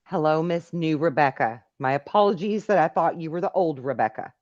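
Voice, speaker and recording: A woman's voice: sits low, a little fast, a little mellow, no echo, lo-fi sound. A middle-aged woman hosting a live call-in stream, chatting casually and reading viewer messages aloud. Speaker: live call-in show host.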